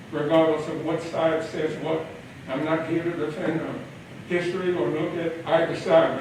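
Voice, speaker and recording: A man's voice: a little high, a little hiss or hum. A man giving a public comment to a town council, exhorting them in a preacher-like way as he spells out an acronym. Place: large echoey council chamber. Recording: echoey chamber audio from far off.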